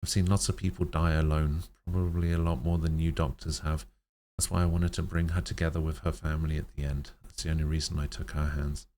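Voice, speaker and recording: A man voicing a calm, gentle male character who speaks softly and sincerely. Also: a bass voice, a little fast, slight background noise. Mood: tender.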